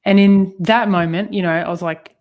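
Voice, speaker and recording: A woman's voice: mid-range voice, normal speed, phone-quality sound. A woman co-hosting a personal talk about healing, telling stories with lots of fillers and frequent laughter. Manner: animated storytelling, laughs often, frequent fillers. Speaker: co-host.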